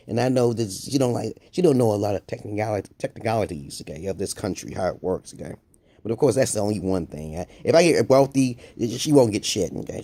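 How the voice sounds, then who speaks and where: A man in a profane, rambling video monologue, dropping to low mutters and then jumping to high exclamations. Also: vocal fry, dark tone, slightly rough. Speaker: video blogger. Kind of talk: casual ranting monologue.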